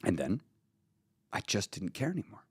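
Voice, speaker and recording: A man's voice: on the low side, moderate pace, husky, dry recording. A man hosting a live stream, talking casually and bluntly with lots of swearing. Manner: blunt, profane, animated. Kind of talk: casual motivational talk.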